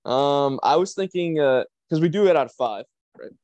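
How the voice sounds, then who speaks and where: A man's voice: a little high, expressive, normal speed, darkish tone, no echo. Hesitant male guest on a dull mic. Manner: hesitant, thinking aloud. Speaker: podcast guest. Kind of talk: casual chat.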